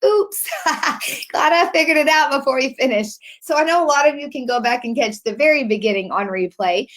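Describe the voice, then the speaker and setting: A woman's voice: high voice, fast talker, fairly bright tone. A woman hosting a mothers' webinar over a video call, speaking in an effusive, gushing way. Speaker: host of a webinar for moms. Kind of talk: casual livestream hosting.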